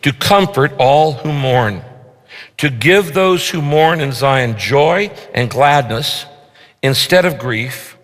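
A man's voice: mid-range voice, lively intonation, slow, a bit bright. A man preaching a sermon as pastor, earnest and emphatic, repeating key phrases and leading the congregation through verses. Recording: long hall reverb.

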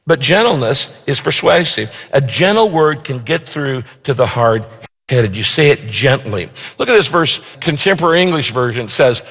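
A man preaching a sermon as a pastor, emphatic and slowing down to stress key phrases. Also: medium pitch, animated, fairly bright tone, breathy edge, long reverb tail. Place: church sanctuary.

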